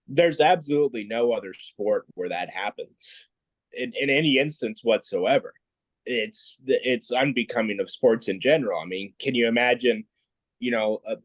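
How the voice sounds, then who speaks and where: A man's voice: no room sound, rough recording. Earnest man in dry sports chat. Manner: earnest, rising pitch when emphatic. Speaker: podcast co-host. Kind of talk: casual sports discussion.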